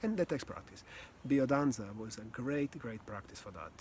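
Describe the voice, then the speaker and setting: Calm, earnest male voice coach. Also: medium pitch, a little hiss or hum. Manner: calm, earnest, slow with pauses, occasional sighs and soft laughs. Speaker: communication and voice coach. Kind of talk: reflective teaching talk.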